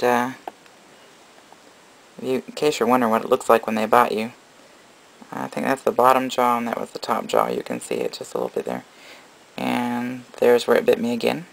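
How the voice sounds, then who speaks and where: A man breeding snakes, chatting casually through a video update and gently cooing at the baby snakes. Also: medium pitch, creaky, low-quality recording.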